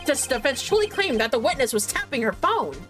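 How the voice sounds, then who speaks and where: A woman's voice: sits high, very animated, quick pace, music in the background. Cold arrogant prosecutor guy, woman putting him on, snappy objections. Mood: haughty. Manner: sharp, dismissive objections.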